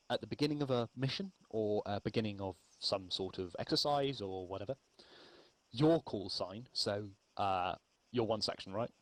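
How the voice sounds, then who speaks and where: A man explaining radio procedure in a relaxed, rambling spoken lesson, with frequent ums. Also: fairly low pitch, rough recording. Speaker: milsim infantry instructor.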